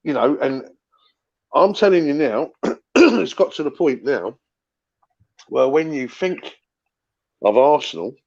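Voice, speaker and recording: Middle-aged bloke rambling about football on a fan stream, repeats himself, kinda dull call audio. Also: male voice, fairly high pitch, expressive, slow, vocal fry, long pauses, darkish tone. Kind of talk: casual livestream chat.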